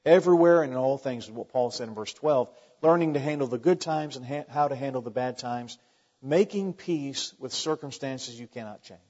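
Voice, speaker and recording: A man's voice: medium pitch, darkish tone. Man preaching in an echoing hall. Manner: conversational preaching with rhetorical questions and asides. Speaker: pastor. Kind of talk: sermon. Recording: dull long reverb in a large hall.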